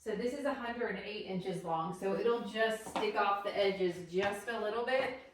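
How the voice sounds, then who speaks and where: A woman's voice: mid-range voice, normal speed, slight background noise. Lady decorating her house on camera, bold and blunt, folksy sayings. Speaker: home decor YouTuber. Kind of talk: casual decorate-with-me vlog. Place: at home.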